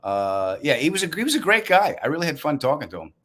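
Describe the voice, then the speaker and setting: A man's voice: fairly high pitch, fast. Male comedian with a Long Island accent, hosting a casual live stream; dry, wry delivery. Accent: Long Island New York. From Long Island, New York. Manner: wry, deadpan storytelling with asides to viewers. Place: apartment room, indoors.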